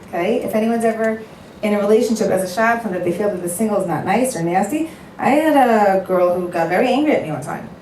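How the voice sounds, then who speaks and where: A woman matchmaker giving a heartfelt talk to an audience, telling stories and acting out both sides of conversations in an animated way. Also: mid-range voice, fast talker. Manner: earnest, animated storytelling, acting out both sides of phone calls. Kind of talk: speech to an audience. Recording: echoey room, voice a bit far from the mic, faint background noise.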